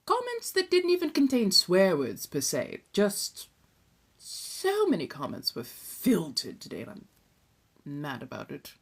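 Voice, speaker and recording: A young woman from Southern California hosting an ASMR and tarot live stream from a phone. She chats casually, swears now and then and slips into soft whispered asides. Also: mid-range voice, wildly swooping pitch, measured pace, slightly rough.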